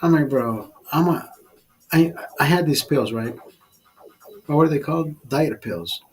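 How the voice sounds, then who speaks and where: A man's voice: a little high, unhurried, slightly rough, faint music behind, low-quality recording. A middle-aged man telling stories in a casual vlog, rambling, repeating himself and swearing a lot. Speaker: vlogger. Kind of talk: casual storytelling while drinking.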